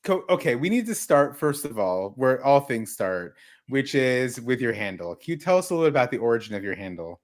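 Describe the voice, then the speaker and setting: A man hosting a tech livestream, energetic and exclamatory as he welcomes viewers and guests. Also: mid-range voice, a little fast. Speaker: livestream host.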